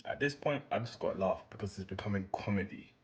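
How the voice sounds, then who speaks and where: A man's voice: lowish voice, fast talker, slightly rough. A man delivering a mocking, sarcastic social media rant in a dull lo-fi recording. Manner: sarcastic, incredulous. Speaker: commentator.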